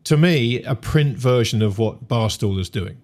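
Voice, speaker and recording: A man's voice: mid-range voice, expressive, measured pace, darkish tone. A man, co-hosting a sports discussion, thinking aloud with frequent restarts and hedges. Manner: musing, hesitant, many restarts. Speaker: podcast co-host. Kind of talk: casual discussion.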